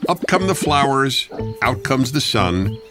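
A man reading a storybook as a cheerful young male dog, in a flat and unvaried reading voice, with background music. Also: medium pitch. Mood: chipper. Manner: reads words evenly, no pauses or voice changes.

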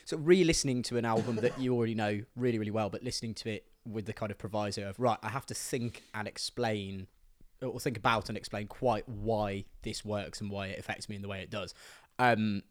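A man co-hosting a music podcast, talking in a relaxed, dry-humoured way with casual swearing. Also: lowish voice, fairly quick, dry recording. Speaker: podcast co-host.

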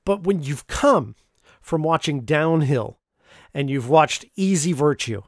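A man with a fairly high voice talks through a film plot in a loose, joking way. He keeps restarting his sentences. The sound is dry and close to the mic. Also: slow, dry recording. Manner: animated, joking, frequent restarts. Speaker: podcast host reviewing films. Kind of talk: casual film recap.

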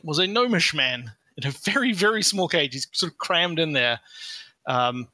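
A man's voice: a little high, sharp tone, dry recording. A man running a tabletop game as game master, narrating the scene in a casual, meandering way and often correcting himself. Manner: casual, meandering descriptions with frequent self-corrections.

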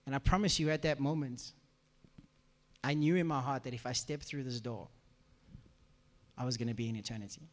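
A man's voice: medium pitch, brisk, pauses often. A middle-aged male pastor, telling a personal testimony in a sermon and acting out the voices of the people in his story. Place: church hall before a congregation. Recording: echoey hall reverb.

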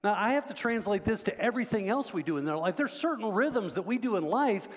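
Pastor guy preaching, high voice, chatty, keeps asking the crowd stuff, big church reverb. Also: lively intonation, fast talker. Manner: conversational, quizzes the congregation. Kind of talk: sermon. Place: church sanctuary.

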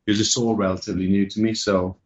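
A man with a Welsh accent, a guest on a podcast, chatting casually in a relaxed, unhurried way over a video call. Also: fairly low pitch, husky. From Wales. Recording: dull lo-fi video-call audio.

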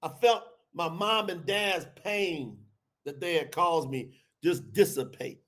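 A middle-aged man preaching a scripture talk on a livestream, his voice sitting high for a man. He preaches with fervor and bursts into shouts at the peaks. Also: slow. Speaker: podcast host and preacher.

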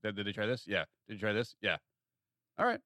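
A man co-hosting a casual podcast, throwing in quick jokes and banter. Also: fairly low pitch, steady tone, pushed and bright, no echo, clean studio sound. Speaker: podcast co-host. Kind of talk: casual chat.

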